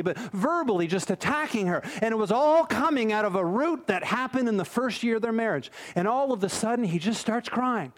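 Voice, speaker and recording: A man preaching a sermon, telling a story with an animated delivery that moves between urgent and hushed. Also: very high-pitched.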